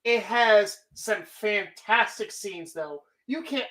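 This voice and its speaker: A woman's voice: mid-range voice, takes it slowly, a bit bright. A woman hosting a live stream, talking casually in a rambling, profane way. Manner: rambling, heavy swearing. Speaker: streamer host.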